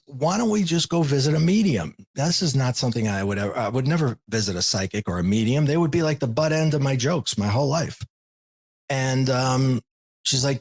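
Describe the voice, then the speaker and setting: A man in his forties, a podcast guest, candidly retelling a personal story with lots of quoted dialogue in a husky voice. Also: medium pitch. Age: 40s. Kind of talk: storytelling in an interview.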